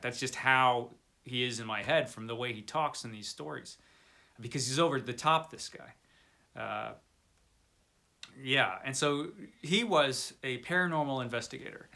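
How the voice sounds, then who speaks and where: Man, middle pitch, bright tone, rambling casual video chat with wry asides. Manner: chatty, rambling, frequent fillers and restarts; wry, enthusiastic about pulp fiction. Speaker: book reviewer.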